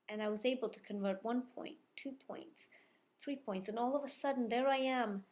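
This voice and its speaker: Slow-talking woman telling a personal story. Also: fairly high pitch. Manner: rambling, self-reflective, repeats herself. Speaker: vlogger.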